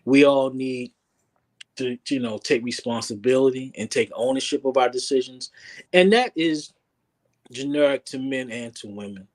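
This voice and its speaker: A man's voice: mid-range voice, normal speed. Earnest male relationship coach. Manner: earnest, repeats words while thinking. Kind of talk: interview guest, casual talk.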